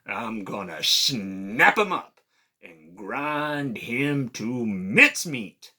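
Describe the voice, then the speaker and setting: A man's voice: mid-range voice, expressive, extremely slow, sharp tone, husky, full character voice. A man voicing a boastful male alligator in a read-aloud storybook, hissing threats. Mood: menacing.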